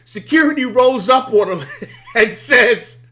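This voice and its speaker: His voice very high-pitched and slow, a man runs a live sports talk stream, cursing excitedly, laughing often, and going over the same points, his voice hoarse from shouting.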